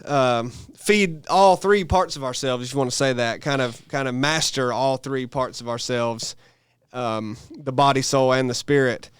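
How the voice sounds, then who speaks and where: A man's voice: mid-range voice, measured pace, clean tone, no echo, studio quality. A man, co-hosting a podcast and explaining at length in casual chat, often correcting himself. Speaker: podcast co-host.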